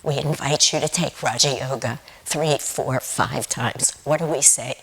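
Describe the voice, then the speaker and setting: Brief: female preacher, low pitch, breathy tone, gentle sermon delivery. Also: fairly even intonation, poor audio. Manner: slow, tender delivery, drawn-out quotes from scripture. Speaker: guest speaker at Sunday service.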